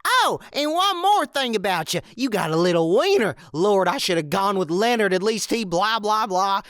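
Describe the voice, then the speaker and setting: A man voicing a loud, abusive middle-aged woman who rants insults at her husband. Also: slow pace, clear, resonant tone, no echo, clean studio sound. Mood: berating. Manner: shrill, insulting rant. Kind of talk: story reading with acted quotes.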